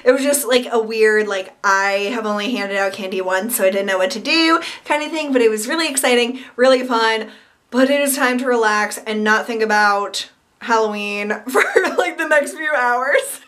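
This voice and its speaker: A woman's voice: a little high, normal speed, a bit bright. A young woman chatting casually in a vlog, full of "like" and "um". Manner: chatty, filler-heavy with frequent "like" and "um". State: morning voice. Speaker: vlogger.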